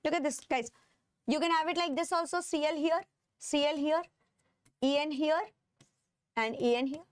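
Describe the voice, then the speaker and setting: A woman with a high voice and an Indian English accent runs a live online chemistry class, and the audio has no echo. Her habit is to stretch out important terms and constantly check in with the class.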